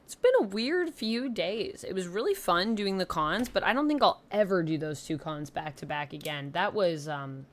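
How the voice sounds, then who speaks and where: Speaking at normal speed with few pauses, a young Canadian woman uses a lowish, expressive voice. She has a slight Southern twang and rambles chattily and self-deprecatingly on a live stream via her home desk mic.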